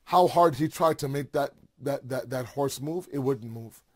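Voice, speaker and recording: A man's voice: medium pitch, moderate pace, a little mellow, dry recording. A man delivering a mourning sermon, narrating with impassioned, repetitive emphasis. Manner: impassioned, repetitive, builds to fervent cries. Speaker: preacher.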